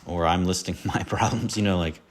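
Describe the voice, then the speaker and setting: There's a little hiss or hum behind this deep-voiced man, who speaks a little fast. Hosting a casual solo podcast, he rambles about his favorite films, mocks himself, and slips into quoted lines.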